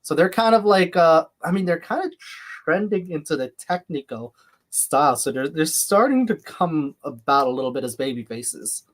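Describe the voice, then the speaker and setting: A man's voice: on the high side, expressive, normal speed. Chatty man with a slight lisp. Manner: chatty, jumps between reading chat and calling action. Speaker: livestream host. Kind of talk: live watch-along commentary.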